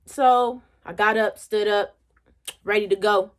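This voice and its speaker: A woman's voice: mid-range voice, fairly even intonation, unhurried. A young woman vlogger telling a motivational story in a chatty, colloquial way.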